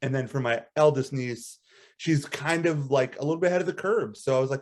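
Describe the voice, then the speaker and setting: A man co-hosting a casual podcast chat, telling a story in an animated way and breaking into high laughter. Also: fairly quick. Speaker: podcast co-host.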